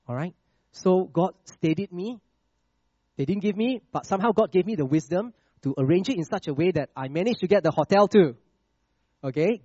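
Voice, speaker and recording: A man preaching a sermon with a personal testimony, checking in with the congregation with "all right?" and "okay?" and dropping to a hush on scripture lines. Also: a little high, no room sound, highs cut off. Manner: slows and drops to a hush on scripture phrases.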